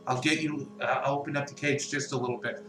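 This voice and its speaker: A man narrating as game master of a tabletop game, lively and quick to laugh, shouting in big moments. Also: medium pitch, reverberant, over music, poor audio.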